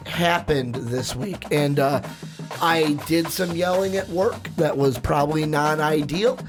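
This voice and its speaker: A man with a hoarse, raspy voice from shouting, hosting a casual sports podcast and rambling through plugs and asides. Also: fairly high pitch, unhurried, music in the background. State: hoarse, lost voice. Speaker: podcast host.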